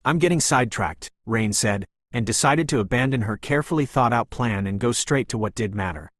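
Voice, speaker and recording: A man narrating a novel as an audiobook in a calm, even, pleasant reading voice. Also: fairly low pitch, brisk, no echo, clean studio sound.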